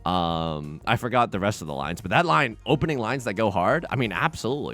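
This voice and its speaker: Lively young man commenting on his game. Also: on the low side, brisk. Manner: animated, jokey, talks to chat, sudden loud outbursts. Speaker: let's play streamer.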